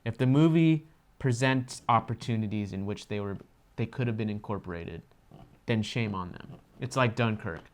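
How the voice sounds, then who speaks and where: A man's voice: lowish voice, moderate pace. A man co-hosting a reaction video, talking in an earnest, emphatic way and swearing freely. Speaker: co-host of a reaction channel. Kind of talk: casual reaction discussion.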